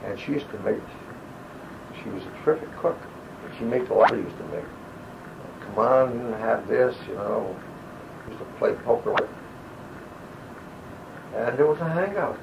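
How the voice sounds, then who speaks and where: The voice is low-ish, expressive and creaky, at normal speed with frequent pauses: an older army veteran giving an oral-history interview. He rambles through wartime stories, digressing loosely and acting out the people he quotes. Faint hiss marks the lo-fi old tape from a home audio recorder.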